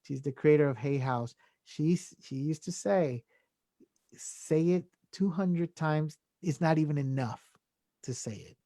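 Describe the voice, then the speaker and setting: A man's voice: on the high side, measured pace, warm tone, no echo, studio quality. A man speaking as a podcast guest, giving earnest self-help advice in a casual way, often adding "right?" and "you know" and chuckling between points. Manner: leans on filler tags like "right?" and "you know". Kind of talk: casual conversational talk.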